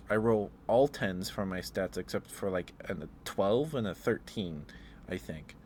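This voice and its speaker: A man in a soft-spoken ASMR ramble, telling meandering stories with fillers and chuckles. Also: lowish voice, lively intonation, moderate pace, slight background noise. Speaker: ASMR streamer.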